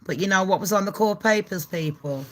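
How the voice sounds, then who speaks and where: A woman's voice: mid-range voice, brisk. An English woman with a Birmingham accent, hosting a gossip channel, talking in a brash, foul-mouthed way and laughing often. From England. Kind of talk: casual gossip vlog.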